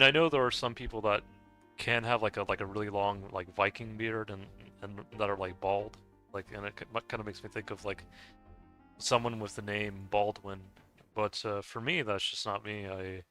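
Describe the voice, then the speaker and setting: A man from the United States, a gaming streamer, chatting casually while he plays, rambling and halting with many restarts and soft chuckles. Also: fairly low pitch, steady tone, faint music behind. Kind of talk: casual chat while playing a game.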